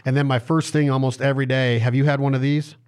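A man's voice: mid-range voice, level tone, fast talker, a little mellow, clean tone. A man hosting a podcast in casual chat, playful and jokey, fond of wordplay. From western US. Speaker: podcast host.

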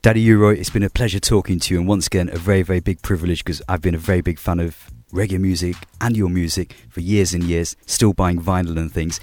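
A man's voice: sits low, fairly even intonation, fast, few pauses, darkish tone, dry recording. A man interviewing a guest, asking questions in a polite, admiring tone. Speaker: interviewer, radio DJ.

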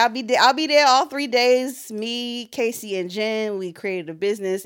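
A woman's voice: mid-range voice, clear, resonant tone. A young woman co-hosting a podcast, chatting casually with slang and frequent laughter. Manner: animated, laughs often, slangy. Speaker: podcast co-host. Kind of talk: casual chat.

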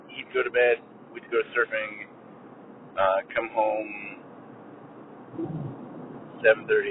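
Relaxed lower-voiced man, rambling casual chat, phone-thin sound with faint hiss. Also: phone-quality sound. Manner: easygoing, rambling, chuckles often.

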